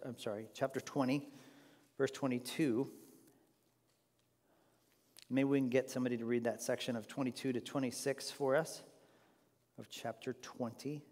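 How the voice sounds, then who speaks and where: A man's voice: mid-range voice, darkish tone, in a large hall. Man teaching a casual Bible class. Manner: conversational, asks the group questions.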